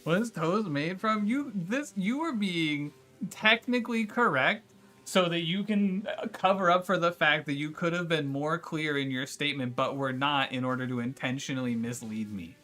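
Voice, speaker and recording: Streamer guy arguing w his chat, swears a lot, exasperated, kinda high bright voice. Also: normal speed. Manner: exasperated, profane ranting; argumentative, talking back to chat. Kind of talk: casual livestream chat with viewers.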